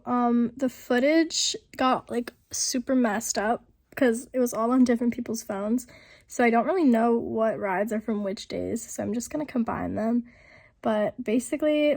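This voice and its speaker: A young woman narrating a casual vlog voiceover, chatty and rambling with lots of fillers, her voice rough from a lingering illness. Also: a little high, darkish tone. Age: young adult. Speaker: vlogger. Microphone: voiceover mic.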